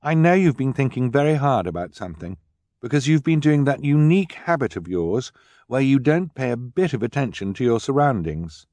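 A man voicing a clever, practical teenage girl in an audiobook, explaining things brightly. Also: medium pitch, sing-song, normal speed, no echo, voice pushed up. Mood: eager, explaining.

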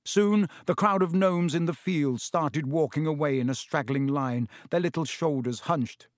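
A male narrator reading a novel aloud in a steady storytelling manner. His voice sits slightly high. The recording is dry and close. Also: unhurried, few pauses, no room sound. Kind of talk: audiobook reading.

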